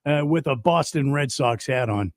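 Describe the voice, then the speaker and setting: A man co-hosting sports talk radio, chiming in with quick interjections and agreement. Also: mid-range voice, lively intonation, no echo. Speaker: radio co-host.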